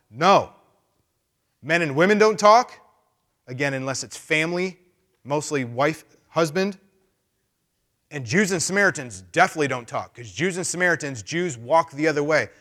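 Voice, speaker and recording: A male pastor giving a casual, animated sermon, acting out voices as he goes. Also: a little high. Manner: animated, conversational, acts out voices.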